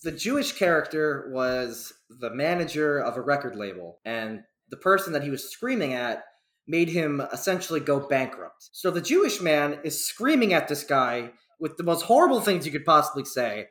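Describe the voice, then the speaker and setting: A man's voice: on the high side, sing-song, normal speed, fairly bright tone, reverberant. A young man from New York, hosting a casual podcast and rambling through a story with plenty of swearing. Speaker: podcast host.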